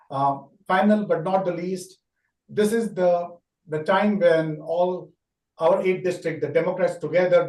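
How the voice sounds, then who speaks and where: A man giving a candidate's closing statement over a video call, earnest and rapid, with loosely structured sentences. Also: a little high, a little mellow. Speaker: political candidate. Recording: echoey room, distant from the mic.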